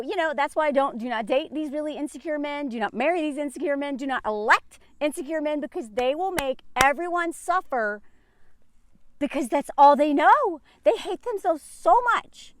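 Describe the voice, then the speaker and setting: A woman's voice: high voice, fairly bright tone, dry recording, clean studio sound. A woman giving casual opinion commentary as a vlogger, sarcastic, laughing often and filling her talk with "like".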